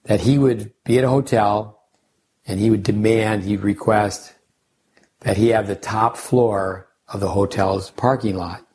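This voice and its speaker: A man's voice: on the low side, fairly even intonation, a little slow, darkish tone, husky. An older man, a tennis coach hosting a podcast, talking casually and rambling through coaching lessons and side stories. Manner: rambling, anecdotal, with restarts and sidebars.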